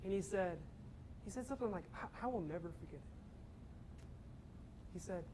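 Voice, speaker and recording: A young campus ministry speaker tells students a lively story and turns it into a lesson on faith, acting out his own lines and raising his voice at the funny moments. He speaks at normal speed in a high voice against a noisy background.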